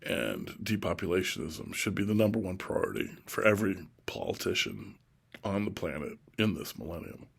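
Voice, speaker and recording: A middle-aged man from Oregon giving a slow, deliberate, repetitive solo monologue about his political views. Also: low voice, sing-song, gravelly, a bit bright, slightly rough. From Oregon, USA. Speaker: self-styled presidential candidate.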